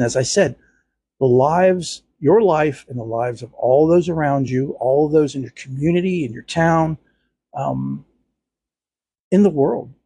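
Husky, gravelly-voiced man giving spiritual advice. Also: medium pitch, no echo. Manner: gentle, earnest, with many "you know" fillers. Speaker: podcast host. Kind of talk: spiritual teaching talk.

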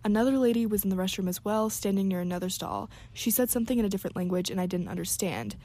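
A young woman vlogs in a casual, chatty style, reading viewers' embarrassing stories aloud. Her mid-range, warm voice is animated and quick, and she reacts with lots of "like"s and giggles.

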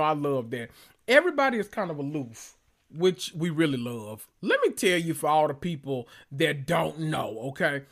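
A man hosting a solo reality TV recap podcast, talking in a sassy, profane way with drawn-out emphasis. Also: fairly high pitch, fairly bright tone. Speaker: podcast host.

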